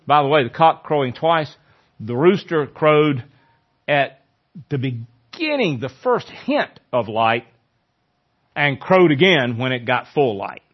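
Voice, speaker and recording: A male pastor preaching a sermon in a conversational way, growing animated when he quotes scripture. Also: mid-range voice, slow pace, dull audio.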